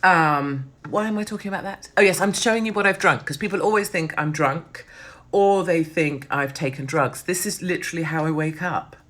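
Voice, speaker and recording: A middle-aged British woman talking bluntly and swearing freely in a casual vlog, her voice hoarse from overuse. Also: lowish voice, normal speed, fairly bright tone. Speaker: vlogger.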